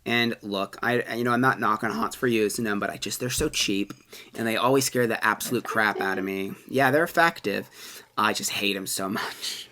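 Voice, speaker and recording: A man co-hosting a casual review podcast, talking in a rambling, filler-heavy, animated way. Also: fairly low pitch, moderate pace. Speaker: podcast co-host reviewing haunted attractions. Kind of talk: casual chat.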